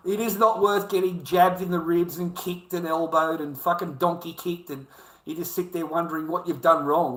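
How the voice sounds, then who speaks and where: Crude high-voiced Australian man ranting. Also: fairly even intonation, moderate pace, a bit bright, echoey room. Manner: crude, swears constantly, rambling. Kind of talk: profane livestream rant.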